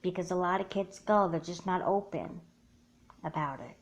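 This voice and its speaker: A woman's voice: fairly low pitch, moderate pace, lightly acted. A woman voicing an earnest young girl who explains herself in a doll movie. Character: girl who broke a friend's secret.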